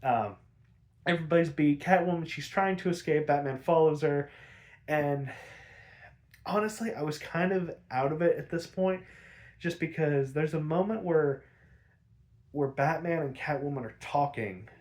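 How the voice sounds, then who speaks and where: A man's voice: a little high, normal speed, pauses often, a little mellow. A man hosting a podcast, casually recapping cartoon episodes with sarcasm, frequent laughter and swearing. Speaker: podcast host.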